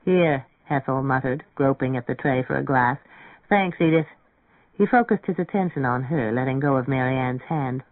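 A man's voice: mid-range voice, brisk, hardly any pauses, no echo. Man reading an audiobook, dry phone-like sound. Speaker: narrator.

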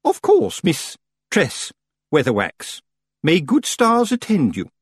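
A man voicing a haughty, pompous woman in a storybook, speaking high and drawn out in a husky falsetto. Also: huge pitch swings, slow, no echo, clean studio sound, heavily acted. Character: haughty pompous witch woman, gushing and grand.

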